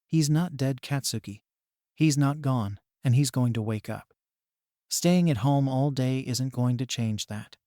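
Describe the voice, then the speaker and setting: A man's voice: medium pitch, measured pace, mellow, no echo, studio quality, lightly acted. A man reading as a stern, stubborn mother. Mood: scolding. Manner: blunt and scolding.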